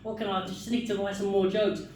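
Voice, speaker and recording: A male comedian voicing his nagging wife, calling out again and again in a raised, shrill voice. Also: level tone, quick pace, a little mellow, slight background noise, natural voice. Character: nagging wife fussing over her looks. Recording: echoey club room, mic far off.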